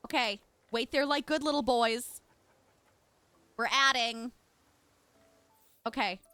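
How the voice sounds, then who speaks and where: A woman's voice: a little high, slow, sharp tone, smooth, no room sound, soft background music. A young woman live streaming a game, chatting casually and gushing as she talks straight to her viewers. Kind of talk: casual live-stream chat while gaming.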